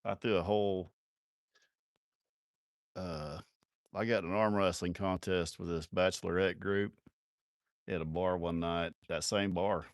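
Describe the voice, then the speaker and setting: Man, lowish voice, dry close sound, profane, laughing storyteller. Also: fairly even intonation, measured pace, long pauses, no echo. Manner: rowdy, profane, laughing through his stories. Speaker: live streamer telling stories. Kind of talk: casual storytelling.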